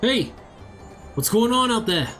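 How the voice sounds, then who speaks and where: A man's voice: animated, measured pace, fairly bright tone, soft background music, exaggerated voice. A man voicing a frantic, brash young prisoner in a game, pleading and cocky in turns. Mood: panicked. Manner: high, urgent and cocky.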